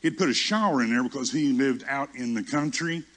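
A man's voice: mid-range voice, a little fast, fairly bright tone. A male pastor preaching a sermon through personal stories, self-mocking and often restarting his sentences.

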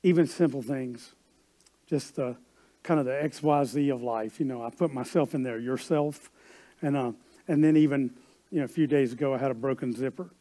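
Preacher telling a story. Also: male voice, mid-range voice, normal speed, warm tone. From South Carolina. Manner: conversational, building to emphatic peaks. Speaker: pastor. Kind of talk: sermon with storytelling.

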